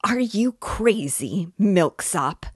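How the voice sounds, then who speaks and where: Woman reading a pompous, condescending gentleman. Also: animated, extremely slow, slightly rough, dry recording, studio quality, exaggerated voice. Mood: indignant. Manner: condescending, wordy, later shrill and indignant. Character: pompous self-righteous middle-aged man.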